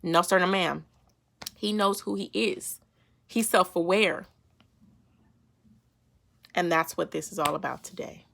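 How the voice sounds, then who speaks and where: Lively, playful woman vlogger with a bright, gravelly voice. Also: fairly low pitch, a little slow, pauses often. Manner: lively, playful and slangy, often laughing. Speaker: faith vlogger. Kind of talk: casual devotional talk.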